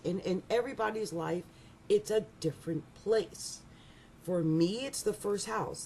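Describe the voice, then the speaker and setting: A middle-aged woman giving a rambling, animated astrology reading, laughing often and restarting her sentences. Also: medium pitch, creaky, slight background noise. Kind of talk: casual monthly astrology reading.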